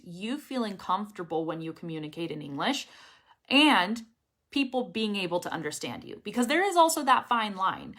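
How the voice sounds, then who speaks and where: A young woman leads a casual online English pronunciation lesson. Her voice is bright and strong, well supported and carrying, with energetic emphasis throughout. She keeps checking in with her viewers, often asking "okay?". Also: mid-range voice.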